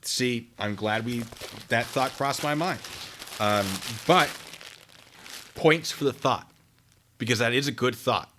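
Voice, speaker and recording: A man's voice: medium pitch, slow pace, pauses often, background noise. A man chatting casually with his stream viewers while packing care kits, joking and teasing himself. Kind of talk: casual live-stream chat.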